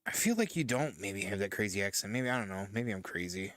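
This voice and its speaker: A man's voice: on the low side, expressive, quick pace, fairly bright tone, dry recording, studio quality. A man from Michigan streaming casual chat while painting, rambling loosely and swearing now and then. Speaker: streamer host.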